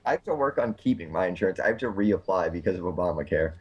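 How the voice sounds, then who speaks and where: A man co-hosting a podcast, telling profane, animated stories with a chesty cough. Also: low voice, fast talker, slightly rough, muffled recording. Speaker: podcast co-host. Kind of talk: casual chat.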